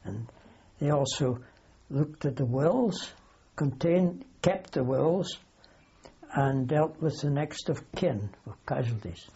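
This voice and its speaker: An older man with a gravelly, husky and dark voice recalls his wartime service in an oral history interview. He tells the story in a rambling way, correcting himself with dry humour. The recording is dull and lo-fi. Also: medium pitch, expressive, slow pace. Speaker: wartime aircrew veteran interviewee.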